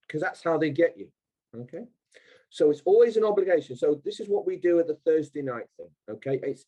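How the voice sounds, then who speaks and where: A man's voice: on the high side, a little mellow. A man speaking emphatically on a call, repeating his points and acting out imagined exchanges. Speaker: guest speaker. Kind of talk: animated call talk.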